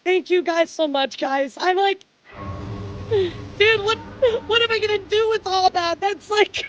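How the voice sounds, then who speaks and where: High-voiced, slow-talking woman streamer. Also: highs cut off, soft background music. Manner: overwhelmed, swearing, addressing chat as "dude" and "guys". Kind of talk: live-stream chat.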